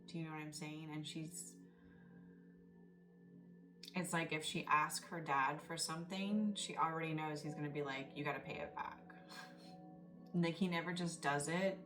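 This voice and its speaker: Woman tarot reader, low voice, confiding and emotional, distant mic with loud music underneath. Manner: emotional, confiding, tearful at times. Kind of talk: casual spoken tarot reading.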